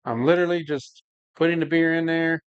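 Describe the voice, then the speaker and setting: A fairly high, clean male voice with fairly even intonation talks fairly quickly on a home brewing livestream. He's easygoing and rambling, often saying "like" and "man" as he works and handles the chat. No echo, and the audio sounds dull.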